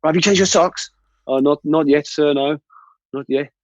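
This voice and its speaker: A man putting on an exaggerated impression of his infantry officer, voice pushed high. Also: moderate pace, no echo, lightly acted. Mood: mocking. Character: mocking army officer, male adult.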